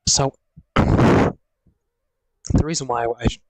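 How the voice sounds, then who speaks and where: A man's voice: mid-range voice, measured pace, slightly rough, no echo, low-quality recording. A young man streaming from home, in pain and short of breath, groaning and swearing as he talks to himself into a desk mic. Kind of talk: casual talk to viewers. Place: at home, indoors. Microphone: desk microphone.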